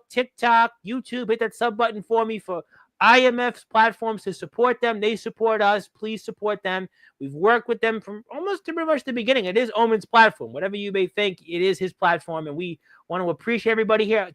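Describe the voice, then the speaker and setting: High bright guy rambling through his radio show, lots of ums. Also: no room sound. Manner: rambling, many "um" fillers. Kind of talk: online radio talk show hosting.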